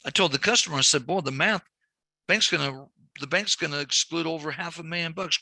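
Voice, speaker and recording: A man with a very bright, tense voice and a fairly high pitch teaches a banking session, explaining figures step by step. His delivery turns animated when he tells stories and acts out dialogue. The recording is close and dry, with no room sound. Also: brisk, dry recording. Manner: animated storytelling with quoted dialogue. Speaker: banking instructor. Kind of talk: recorded training lecture.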